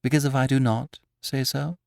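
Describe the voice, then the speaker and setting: A man's voice: mid-range voice, fairly even intonation, moderate pace, creaky, dry recording, studio quality, voice pushed up, lightly acted. A man playing a defiant young reporter. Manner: firm, eager, raised refusals. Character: defiant young male reporter, stubborn and eager. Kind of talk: audiobook character voice.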